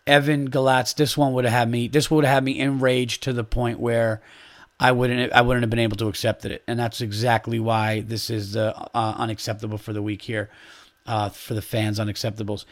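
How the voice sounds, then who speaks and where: A man's voice: medium pitch, moderate pace. Fired-up man ranting on his podcast. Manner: animated, heated ranting with profanity. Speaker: podcast host. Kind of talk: casual solo podcast rant.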